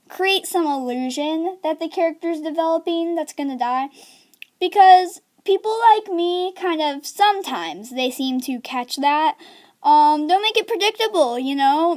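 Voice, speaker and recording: Young woman, high-pitched, casual rambling vlog delivery with giggles and fillers. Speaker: video creator giving writing tips. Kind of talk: casual chat to camera.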